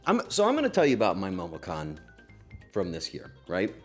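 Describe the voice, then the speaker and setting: A man streaming casually from home, talking to his chat in an emotional, halting way and breaking into sudden excited outbursts. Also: deep voice, slightly rough, soft background music. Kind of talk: casual livestream chat to viewers.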